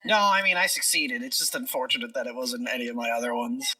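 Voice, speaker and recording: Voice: mid-range voice, fairly even intonation, quick pace, pushed and bright, distant mic, poor audio. A tabletop game player who thinks aloud and explains tactics at length. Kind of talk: tabletop role-play chat.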